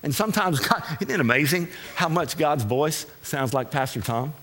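A male guest preacher from Texas delivering a sermon in a church, swinging between shouted exhortation and quiet, confiding asides with repeated refrains. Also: a little high, animated, normal speed, noisy background. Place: church sanctuary with congregation.

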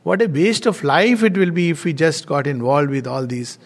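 Man, middle-aged, slightly high voice, gentle devotional storyteller who chuckles often. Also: normal speed. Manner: gentle, chuckles through anecdotes. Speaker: spiritual speaker.

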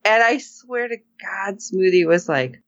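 Animated woman recapping with voices. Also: fairly low pitch, moderate pace, no echo, muffled recording. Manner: animated, acts out characters' lines with voices. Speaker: podcast co-host. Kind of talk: casual recap chat.

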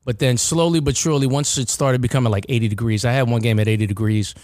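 A man's voice: medium pitch, steady tone, fast talker, a little mellow, no echo, studio quality. A man hosting a casual podcast chat, rambling with restarts and repeated words. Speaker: podcast host.

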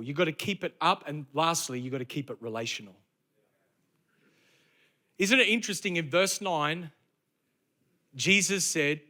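Bright, high-voiced preacher man. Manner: lively storytelling with rhetorical questions to the congregation. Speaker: pastor. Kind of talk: sermon.

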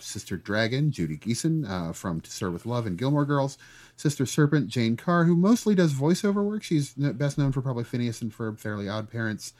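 A man in a casual movie podcast chat, recapping the plot with sarcastic asides. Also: medium pitch. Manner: animated, sarcastic, recaps plots. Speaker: podcast co-host.

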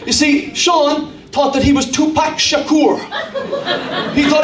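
A middle-aged man from Ireland with a Cork accent, preaching a sermon with humorous stories and animated impressions. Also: extremely high pitch, measured pace, roomy sound, distant mic, crowd noise. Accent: Cork Irish. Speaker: pastor.

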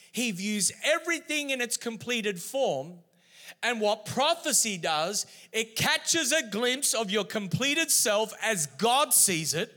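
High, bright-voiced preacher. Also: male voice, takes it slowly. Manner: animated storytelling preacher. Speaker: pastor. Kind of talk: sermon.

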